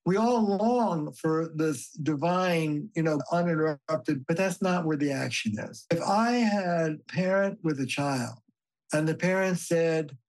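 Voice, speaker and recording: Older male family therapist, podcast guest; animated, emphatic storyteller, casually profane. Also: fairly high pitch, a little slow, low-quality recording. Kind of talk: conversational podcast interview.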